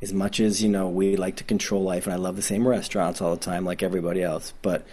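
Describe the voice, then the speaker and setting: A man with a Midwestern accent talks about making documentaries in a relaxed interview. His voice sits on the low side, and he rambles eagerly, circling back and restarting his sentences. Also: fast talker. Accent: Midwestern American. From Detroit, Michigan. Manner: enthusiastic, rambling, frequent restarts and laughs. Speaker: documentary filmmaker. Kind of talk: casual interview conversation.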